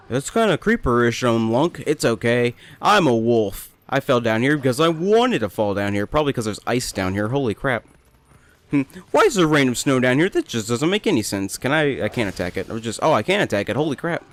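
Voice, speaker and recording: This let's play host is a young man whose mid-range voice is very animated and fairly bright, delivered at a fairly quick clip. He commentates his gameplay casually, rambling, cracking jokes and addressing the on-screen characters directly.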